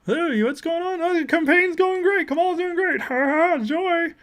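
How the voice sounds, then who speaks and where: Brief: ditzy, aloof woman official, high sing-song voice, fluttery pitch swings, put on by a man. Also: moderate pace, a bit bright. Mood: mocking.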